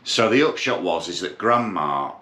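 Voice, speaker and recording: A man's voice: sits low, animated, normal speed, crowd noise. A middle-aged man, co-hosting a casual family chat and telling old stories with a wry touch. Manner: reminiscing storyteller, wry. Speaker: podcast co-host. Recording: roomy echo, faint noise.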